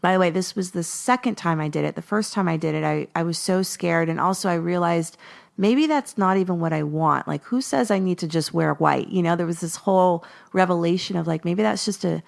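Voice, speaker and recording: A podcast host in her forties from Los Angeles tells a personal story, chatting casually and animatedly and acting out things she once said. Her voice is lowish and creaky, and she talks a little fast.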